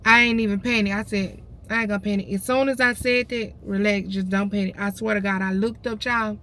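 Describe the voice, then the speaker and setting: A woman's voice: mid-range voice, fairly even intonation, a little fast, bright, forceful tone. A woman, close to tears, telling her viewers a story in a casual, emotional vlog. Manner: tearful, addresses viewers as y'all. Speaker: vlogger.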